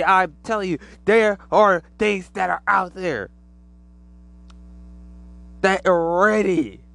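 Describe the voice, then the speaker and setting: Gravelly man rambling about aliens. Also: a little high. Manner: animated, acts out imagined alien voices. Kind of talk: rambling conspiracy monologue.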